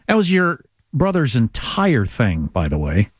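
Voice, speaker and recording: Man, podcast host, casual political chat, opinionated and mocking, higher voice. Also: sing-song, moderate pace, few pauses, dry recording.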